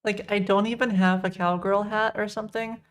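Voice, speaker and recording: A woman's voice: medium pitch, little pitch movement, moderate pace, clear, resonant tone. A woman from Texas, without a Texan accent, chatting casually with her live-stream audience while coding and reading chat messages aloud.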